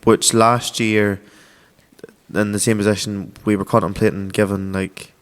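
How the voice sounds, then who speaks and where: A man's voice: on the low side, level tone, unhurried, clear, resonant tone, long reverb tail. A man co-hosting a podcast, mostly reacting with short remarks and teasing his co-host. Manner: brief reactions and teasing asides. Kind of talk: casual chat.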